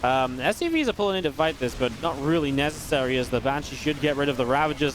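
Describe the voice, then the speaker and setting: A man giving live play-by-play commentary on a strategy game match, quick and excitable, with restarts and filler words. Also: fairly high pitch, background noise. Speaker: esports caster.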